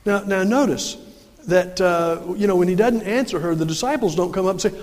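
A man's voice: high voice, brisk, darkish tone, in a large hall. A male pastor preaching a sermon in a folksy way, firing rhetorical questions and answering them himself.

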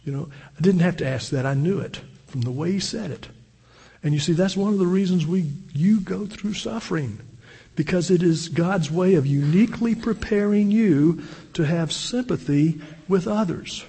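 A man's voice: high-pitched, moderate pace, warm tone, husky, long reverb tail. An older man preaching a sermon as pastor, earnest and storytelling, often restarting his sentences.

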